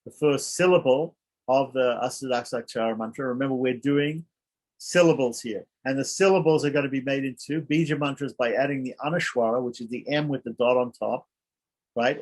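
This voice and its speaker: Man of average pitch leading a scripture lesson, unhurried, self-correcting, slow careful chanting. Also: darkish tone. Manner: halting, thinks aloud with restarts and asides; chants mantras slowly and carefully. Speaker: teacher. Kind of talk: scripture class lecture.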